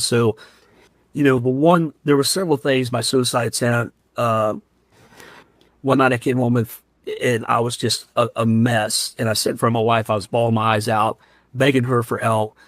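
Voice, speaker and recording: A man from Central Ohio talks as a podcast guest, earnest and heartfelt. His voice sits at an ordinary middle pitch. The sound is dry and close, with no room around it. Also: fairly even intonation, moderate pace, no room sound. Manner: earnest and heartfelt, emotional while recounting. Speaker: firefighter and paramedic, podcast guest. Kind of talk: candid interview storytelling.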